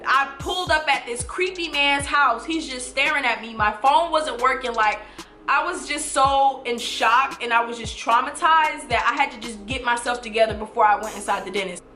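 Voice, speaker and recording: Young woman vlogger, high bright voice, talks to y'all, echoey room w/ soft music. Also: moderate pace. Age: 20s. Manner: animated, swearing, addresses viewers as y'all and you guys. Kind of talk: storytime vlog.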